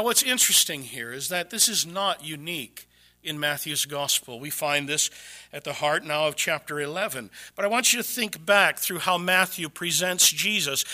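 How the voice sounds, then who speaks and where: A male pastor delivers a sermon in a church with a high, very bright and forceful voice. His preaching is dramatic, dropping to hushed near-whispers for emphasis, then rising to loud, high-pitched exclamations.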